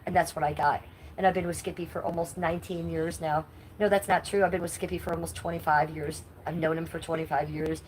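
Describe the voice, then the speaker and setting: Middle-aged woman livestreaming, kinda nasal, low-ish voice, outspoken, faint hiss behind. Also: level tone, quick pace, poor audio. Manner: outspoken, blunt and indignant. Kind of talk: live stream chat, reading comments.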